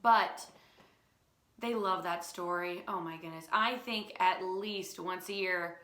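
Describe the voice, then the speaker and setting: A young woman teacher telling a family story to children, playful and animated, acting out the quoted lines. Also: on the low side, slow. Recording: echoey room.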